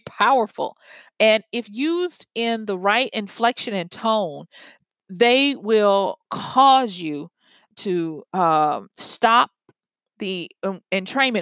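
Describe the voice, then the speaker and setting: A woman teaching conversation tactics in a relaxed, chatty way, breaking into short acted-out example lines. Her voice sits at an ordinary middle pitch. The recording is dry and close, with no room sound. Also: no room sound. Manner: conversational, acts out example lines, laughs now and then. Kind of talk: instructional talk.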